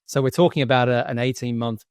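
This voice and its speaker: A man's voice: mid-range voice, fairly even intonation, fast talker, clear, resonant tone, no room sound, clean studio sound. A man guesting on a podcast, telling a personal story candidly with frequent restarts. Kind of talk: casual interview chat.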